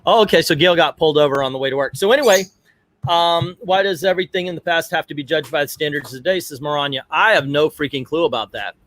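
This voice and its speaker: Middle-aged male streamer, a touch higher pitched, casual and digressive commentary. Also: quick pace, a bit bright. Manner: chatty and digressive, talks aside to family. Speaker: livestream host.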